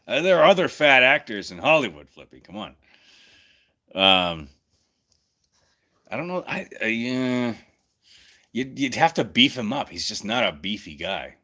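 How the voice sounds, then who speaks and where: Pausing often, a streamer with a medium-pitched, sharp-toned voice talks at a measured pace while staying very animated. He's chatting casually and joking on his own stream, working through his thoughts out loud.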